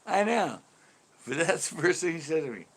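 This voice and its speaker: A man in his fifties hosting his channel, telling a story in casual chat, animated, laughing often and cursing freely. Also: a little high, moderate pace, vocal fry, slightly rough. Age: 50s. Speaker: host.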